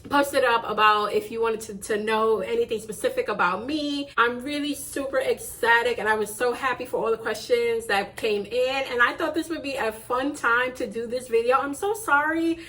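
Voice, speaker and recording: Gushing, grateful woman vlogger, slightly high voice. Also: normal speed, hardly any pauses, bright, forceful tone. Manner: gushing, effusive and grateful, repeats herself. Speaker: YouTube channel host. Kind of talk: casual vlog chat to camera.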